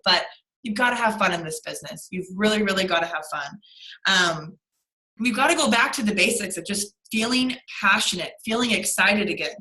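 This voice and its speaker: A woman's voice: medium pitch, brisk, sharp tone, echoey room, low-quality recording. A young adult woman leading a motivational team call on a video call, speaking emphatically and repeating lines for stress. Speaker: team leader.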